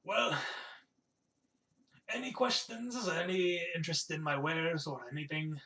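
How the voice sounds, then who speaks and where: Genial bearded village chief with wares to sell, played by a man, fairly high voice. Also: fairly even intonation, a little slow, pushed and bright. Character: bearded male village leader hawking wares.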